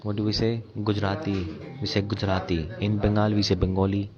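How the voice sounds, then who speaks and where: Interpreting a sermon at a quick pace, a man with an Indian accent keeps his voice low and even, repeating and rewording his lines and asking the room rhetorical questions. A crowd can be heard behind the muffled, dull lo-fi audio.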